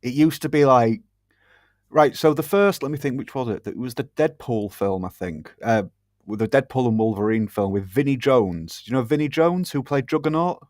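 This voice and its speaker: A British man co-hosting a podcast, talking bluntly and swearing, now and then mocking others with quick put-on voices. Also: mid-range voice, darkish tone, dry recording, studio quality. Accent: British English. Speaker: podcast co-host. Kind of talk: casual banter.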